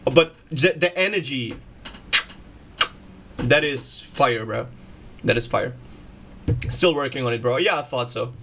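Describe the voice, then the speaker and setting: A man's voice: mid-range voice, measured pace, vocal fry, long pauses, a bit bright, slight background noise. A man chatting casually on a music production livestream, slangy and swearing, calling everyone bro. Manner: slangy, swears freely, says "bro" a lot.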